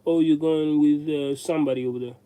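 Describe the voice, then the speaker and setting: A man's voice: fairly high pitch, steady tone, fairly quick, mellow, clear, resonant tone. A man streaming live, chatting casually with viewers in a rambling way.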